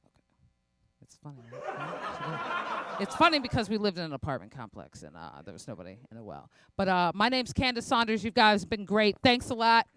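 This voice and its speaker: A woman's voice: medium pitch, big pitch swings, fast talker, a bit bright, a little hiss or hum. A young adult woman performing a stand-up comedy set, telling self-mocking stories with quoted asides.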